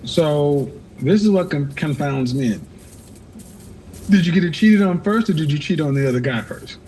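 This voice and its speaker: A man's voice: a little high, animated, moderate pace, mellow, a little hiss or hum. A man hosting a live call-in advice show, blunt and lecturing, cutting callers off.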